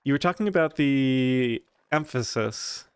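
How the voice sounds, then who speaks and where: A man's voice: medium pitch, measured pace, smooth, no echo, clean studio sound. A man streaming a game, chatting casually and thinking aloud with fillers. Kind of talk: casual chat while gaming.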